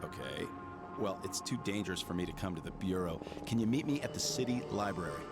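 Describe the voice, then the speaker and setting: An actor playing a hard-bitten male ex-agent detective who asks terse, gruff questions in a video game. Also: low voice, expressive, a little fast, loud music behind the voice. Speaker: game protagonist.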